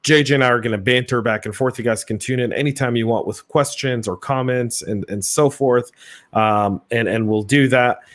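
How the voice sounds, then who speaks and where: A man's voice: mid-range voice, moderate pace, a bit bright. A man with a Southern US accent co-hosting a live podcast, chatty and casual, often stammering on restarts. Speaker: podcast co-host.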